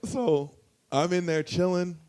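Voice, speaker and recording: A young man telling a story on a comedy podcast, casual and profane, lively, with loud outbursts when he quotes people. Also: high voice, slow, clear, resonant tone. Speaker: guest storyteller.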